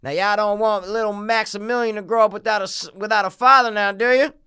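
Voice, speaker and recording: A man acting out a brash tough soldier in a standoff, talking in a loud swaggering drawl. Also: sits high, steady tone, quick pace, smooth, pitched above the performer's own voice.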